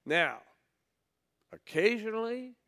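A man's voice: sits high, very animated, takes it slowly, creaky, bright, forceful tone. A man preaching a sermon, reading scripture aloud and then retelling it in blunt, folksy words.

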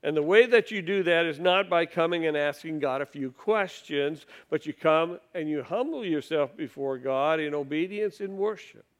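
Male preacher with a high, smooth voice, giving a wry, conversational sermon and reading scripture aloud. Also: normal speed, few pauses. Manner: conversational, wry preaching that asks the congregation to read along.

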